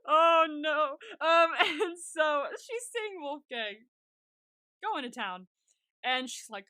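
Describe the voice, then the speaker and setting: A woman's voice: sits high, lively intonation, sharp tone, no echo, studio quality. A woman co-hosting a podcast, recapping an episode in casual chat, giggling often and acting out characters' lines. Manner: giggly, acts out characters' lines in quick impressions. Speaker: podcast co-host.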